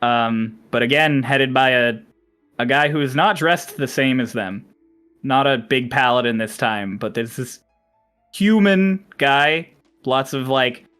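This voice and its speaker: A man's voice: mid-range voice, pushed and bright, smooth. A man narrates a tabletop game as its game master. His voice sits in a middle range. He describes scenes loosely and casually, with plenty of fillers. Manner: casual and rambling.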